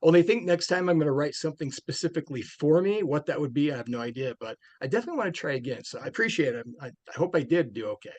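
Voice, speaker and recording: A man's voice: on the high side, lively intonation, very fast, hardly any pauses, dry recording. A man, a film director being interviewed, talking casually and rambling with many restarts and fillers.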